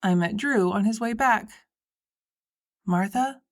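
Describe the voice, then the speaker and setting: A woman reading a first-person story as an audiobook narrator, with a wry, lively delivery. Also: medium pitch, moderate pace.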